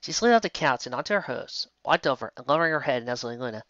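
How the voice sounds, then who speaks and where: A woman voicing a gentle, caring elder princess pony mare in a soft, soothing voice, recorded dull and lo-fi. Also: extremely low pitch, animated, quick pace, no echo, full character voice.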